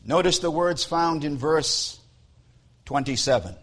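A man preaching a sermon and retelling a scripture story in a deliberate, solemn way. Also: fairly high pitch.

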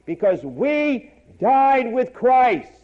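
Man, sermon, high voice, emphatic delivery, muffled lo-fi recording. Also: very animated, extremely slow. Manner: emphatic, repeating key words for stress. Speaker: preacher.

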